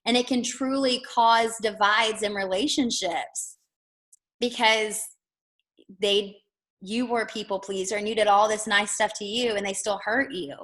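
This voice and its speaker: A woman's voice: mid-range voice, a bit bright. Woman, young adult, workshop host, casual teaching, video call. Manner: chatty, retells stories with quoted voices.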